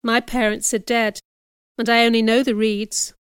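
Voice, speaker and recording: A woman's voice: fairly high pitch, flat delivery, normal speed, clean tone, dry recording, clean studio sound, close to an everyday voice. A woman voicing an unhappy ten-year-old orphan girl who pleads desperately in a storybook reading. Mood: plaintive.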